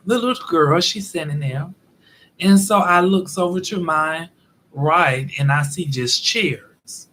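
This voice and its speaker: A man's voice: a little high, slow pace, slight background noise. A man hosting his own show, telling an everyday story as a casual, exasperated rant and acting out both sides of the conversation. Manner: animated, exasperated, acts out both sides of dialogue. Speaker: show host.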